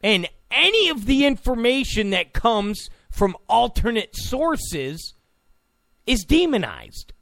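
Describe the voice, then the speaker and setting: Gravelly, high-pitched ranting male commentator. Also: very animated, slow, a bit bright, no room sound, clean studio sound. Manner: emphatic, repetitive, ranting delivery. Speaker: political commentator. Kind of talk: opinion monologue.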